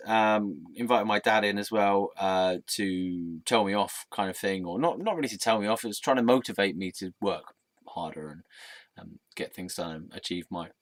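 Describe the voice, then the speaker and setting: A man's voice: fairly low pitch, fairly bright tone, dry recording. A man telling a candid, rambling personal story in a reflective monologue, with frequent ums. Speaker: vlogger.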